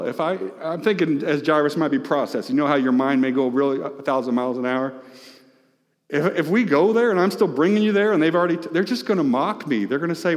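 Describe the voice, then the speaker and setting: Impassioned preacher in a reverberant hall. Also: male voice, a little high, expressive, fast. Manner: impassioned, rising and falling, calls out to the congregation. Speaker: pastor. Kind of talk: sermon. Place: church sanctuary.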